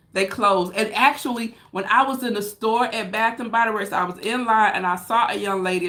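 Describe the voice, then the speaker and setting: An American woman talks to her viewers on a home livestream, chatty and loose, calling everyone y'all. She tells stories in a relaxed, rambling way, straight into a phone or webcam. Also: medium pitch. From United States. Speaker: vlogger. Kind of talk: casual livestream chat. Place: home room with open window.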